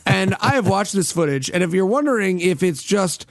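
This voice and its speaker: A man's voice: sits high, lively intonation, moderate pace, no room sound. A man co-hosting a comedy podcast, joking in a laid-back way. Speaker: podcast co-host.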